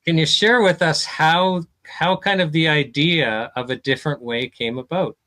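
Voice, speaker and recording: A male podcast host gently prompting his guest with interview questions. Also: fairly high pitch, moderate pace.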